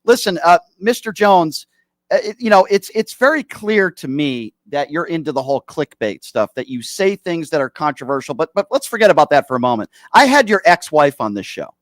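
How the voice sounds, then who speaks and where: A man's voice: on the high side, lively intonation, fairly quick, no echo, clean studio sound. A man hosting a comedy call-in sketch, asking mock-innocent, teasing questions. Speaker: host.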